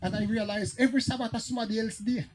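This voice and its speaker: A man's voice: high-pitched, steady tone, rapid-fire, very noisy. A man with a Jamaican accent, preaching as a pastor and telling stories that climb into fiery, emphatic outbursts. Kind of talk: preaching Bible teaching.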